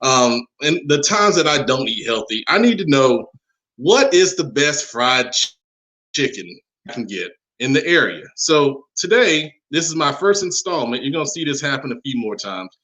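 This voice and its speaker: A man hosting a podcast, talking casually with plenty of fillers and getting animated when worked up. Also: medium pitch, moderate pace, rough recording. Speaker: podcast host. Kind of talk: casual chat.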